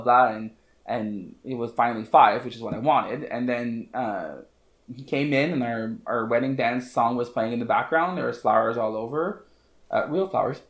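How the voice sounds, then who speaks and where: A man, a hairstylist guest on a podcast, telling a story in an animated, casual way, full of fillers and repeated phrases. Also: mid-range voice. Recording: roomy echo.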